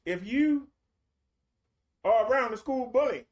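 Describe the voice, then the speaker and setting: A man's voice: very high-pitched, lively intonation, measured pace. A man preaching a streamed sermon in a colloquial, repetitive storytelling way.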